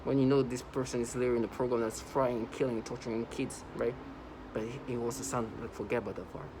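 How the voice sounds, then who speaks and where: A man's voice: mid-range voice, little pitch movement, fast talker, noisy background. A man delivering a casual vlog monologue, emphatic and repetitive, often restarting his sentences. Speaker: vlogger.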